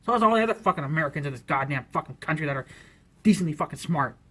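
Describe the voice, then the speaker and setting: A man's voice: a little high, expressive, rapid-fire, pushed and bright. A man vlogging an angry political rant to camera, swearing constantly, talking in a heated way and leaning on "you know" as filler.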